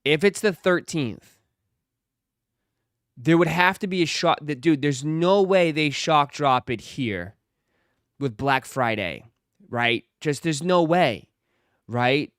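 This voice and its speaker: Smooth-voiced man chatting with his stream. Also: fairly high pitch, expressive, slow pace, pauses often, fairly bright tone, no echo, studio quality. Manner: repeats phrases for emphasis; talks straight to his chat viewers. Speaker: livestream host. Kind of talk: casual livestream chat.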